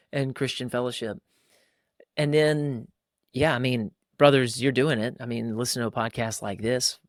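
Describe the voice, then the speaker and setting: A man's voice: medium pitch, no echo, clean studio sound. A man who hosts a podcast and is a pastor, talking earnestly in casual conversation about fatherhood and acting out bits of dialogue. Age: adult father of young boys. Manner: earnest, acts out quoted dialogue in a raised voice.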